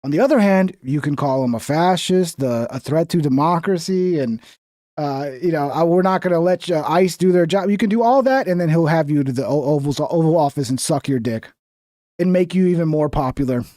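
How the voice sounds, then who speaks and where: Male streamer, casual and profane, higher voice, dry close sound. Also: animated, fairly quick, mellow, no room sound. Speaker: streamer reacting to clips. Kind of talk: casual reaction commentary.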